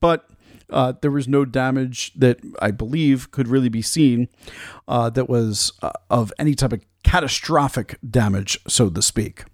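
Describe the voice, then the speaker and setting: A man's voice: medium pitch, unhurried, no echo, clean studio sound. A male podcast host giving casual commentary with frequent fillers.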